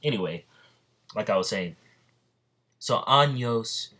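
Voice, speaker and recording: A man with a low voice retells an imagined story in a casual, rambling way. He stops often for ums and restarts, and sounds a little out of breath. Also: expressive, slow pace, bright, forceful tone. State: slightly out of breath. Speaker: fan narrating an imagined crossover story.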